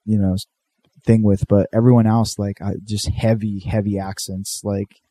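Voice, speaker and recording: Brief: male co-host, loose and profane, dark mellow tone, dry close sound. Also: lowish voice, flat delivery, normal speed, dry recording. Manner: profane, joking, rambling. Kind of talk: casual chat.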